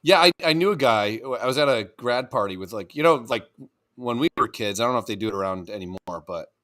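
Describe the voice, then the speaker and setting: A man's voice: medium pitch, lively intonation, fast, a bit bright. A man co-hosting a crude, casual podcast chat, rambling, laughing often and slipping into goofy voices. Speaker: podcast co-host.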